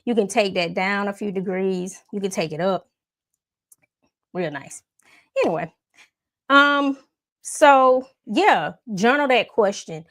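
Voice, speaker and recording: A woman's voice: medium pitch, measured pace, pauses often, dry recording, clean studio sound. Chatty woman telling her story. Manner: chatty, animated, with folksy asides to viewers; laughs often while talking. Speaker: faith and self-development vlogger. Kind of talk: casual storytelling to camera.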